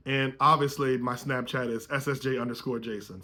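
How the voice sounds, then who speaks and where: A man's voice: medium pitch, fairly even intonation, fairly quick, bright, forceful tone. A man in his thirties, hosting his own show and casually telling a profane, laid-back story from his youth, acting out the dialogue. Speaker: podcast host.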